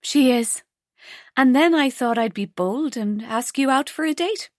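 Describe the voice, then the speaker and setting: A woman putting on an eager, lovestruck young woman, her voice lifted higher than the narrator's own and bubbling with excitement. She talks quickly and brightly, recorded in a dry, close booth for a storybook. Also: dry recording. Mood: chatty. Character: lively young woman in love, Rose.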